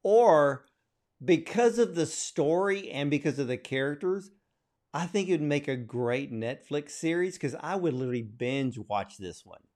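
A man's voice: fairly high pitch, animated, unhurried, darkish tone. A man hosting an interview, asking questions and praising the film with enthusiasm. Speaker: interview host.

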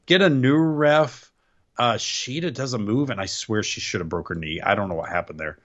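A man's voice: fairly low pitch, normal speed, highs cut off. A man co-hosting a casual wrestling podcast, sarcastic and complaining, often tripping over his words. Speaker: podcast co-host. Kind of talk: casual wrestling recap chat.

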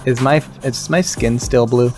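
A man's voice: mid-range voice, fairly even intonation, a little slow, a little mellow, faint music behind. A man in a tabletop role-play, speaking in character as a brash, confused young musician, casual and profane. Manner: casual, profane, street slang. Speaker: player.

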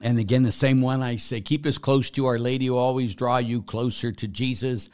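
A man, a priest, answering viewer questions, who moves from quiet conversational reading to loud, emphatic preaching with repeated phrases. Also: medium pitch, steady tone, a little fast, clean tone. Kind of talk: live Q&A, reading and answering messages.

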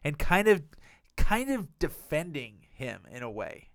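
A man's voice: fairly high pitch, big pitch swings, measured pace, a bit bright, no room sound, studio quality. A young man co-hosting a podcast, rambling through profane stories in casual chat. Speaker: podcast co-host.

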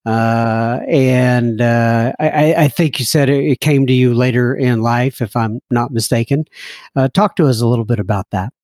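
A man's voice: mid-range voice, moderate pace, darkish tone, no room sound, studio quality. A man hosting a podcast interview, speaking hesitantly with many fillers. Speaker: podcast host.

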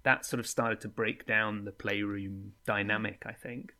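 A man in his thirties with a posh southern English accent, telling school stories in a relaxed, reflective chat. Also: fairly low pitch, a little slow. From England. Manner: reflective storytelling, thoughtful asides. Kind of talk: casual chat.

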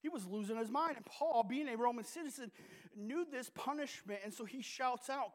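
A man's voice: very high voice, moderate pace. A male pastor giving a conversational sermon, often tagging his points with "right?", recorded in a church sanctuary. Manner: conversational, keeps adding "right?". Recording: long reverb of a large hall.

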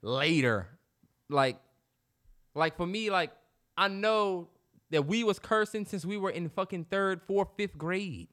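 A man's voice: high voice, expressive, takes it slowly, a bit bright. A man co-hosting a podcast, talking in a laid-back, slangy way and teasing his co-host. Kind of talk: casual chat.

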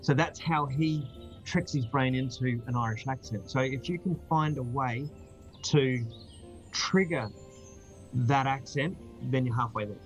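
A man's voice: medium pitch, a little slow, poor audio. Australian man, casual chat, video call, chatty and laughing, many fillers, faint music behind. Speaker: guest.

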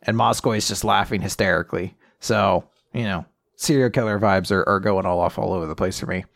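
A man's voice: sits low, dry recording. A man co-hosting a podcast, chatting casually and acting out quotes with bursts of laughter. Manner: animated retelling with quick acted-out quotes and laughter. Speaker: podcast co-host. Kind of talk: casual manga discussion.

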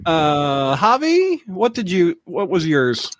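A podcast host leading a casual group chat, talking quickly with frequent laughs. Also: mid-range voice, sing-song.

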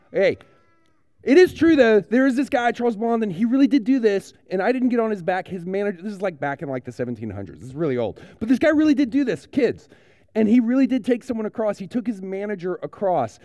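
A young adult man, a pastor telling a playful story to children during a sermon, with lively, direct questions to the kids. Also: high voice, no echo, clean studio sound.

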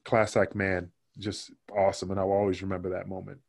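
A man's voice: sits low, monotone, brisk, vocal fry. A middle-aged man, a former wrestler, telling stories loosely and profanely as a podcast guest. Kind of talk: casual podcast chat.

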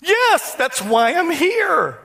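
A man preaching, voicing a tearful woman from his congregation in a high, raised voice. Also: huge pitch swings, takes it slowly, vocal fry, bright, forceful tone, long reverb tail, full character voice. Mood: pleading. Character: tearful woman churchgoer, wounded, pleading. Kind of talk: sermon.

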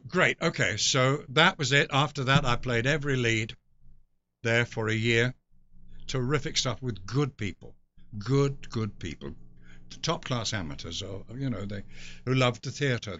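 In a dull lo-fi recording, an older man from England tells long, rambling stories as a guest in a casual interview, full of restarts and laughter. His mid-range voice sounds bright and forceful.

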